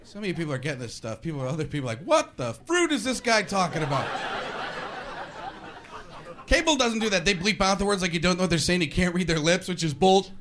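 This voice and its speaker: A male stand-up comedian with a fairly high voice, sarcastic and playful as he acts out voices. The recording is live, with a clear hiss behind. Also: animated, rapid-fire, few pauses.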